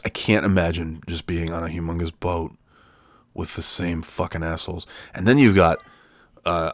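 A man's voice: deep voice, no room sound. A middle-aged man hosting a podcast from home, ranting in an exasperated, profane way. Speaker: podcast host. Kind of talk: solo podcast rant. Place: home room.

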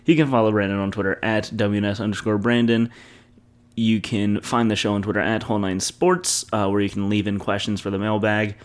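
A man's voice: lowish voice, a little fast. A young man co-hosting a sports podcast in casual, rambling chat, laughing often. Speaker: podcast co-host.

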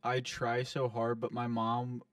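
Young male podcast co-host, animated storyteller, slightly distant dry mic. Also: mid-range voice, unhurried, no echo. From Ohio. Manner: animated storytelling, swearing, laughing. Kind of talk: casual chat.

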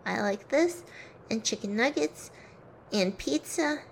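A woman's voice: expressive, takes it slowly, creaky, slight background noise, heavily acted. A woman playing a timid seven-year-old girl. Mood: chatty. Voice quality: high childlike voice.

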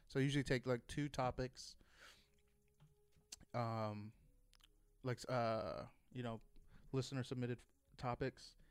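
A man chats loosely on a podcast, wandering through a story with plenty of fillers and casual swearing. His voice comes through smooth and clear. The sound is dry and close, with no room around it. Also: mid-range voice, dry recording. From Texas. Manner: rambling, swears freely, many fillers and restarts. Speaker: podcast host.

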